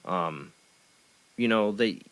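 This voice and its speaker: A man's voice: fairly low pitch, expressive, slow pace, a bit bright, poor audio. A middle-aged man hosting a podcast interview, talking earnestly with many stammered restarts. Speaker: podcast host. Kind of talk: casual conversational interview.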